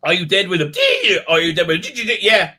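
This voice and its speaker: A man with a high, very bright voice recaps an episode in a casual review. He rants sarcastically and animatedly, and he breaks into laughter often. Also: sing-song, normal speed. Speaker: video reviewer.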